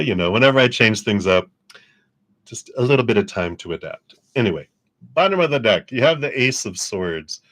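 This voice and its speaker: Low-voiced man giving chatty tarot readings. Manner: upbeat, chatty, laughs often; gentle spiritual encouragement. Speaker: tarot reader.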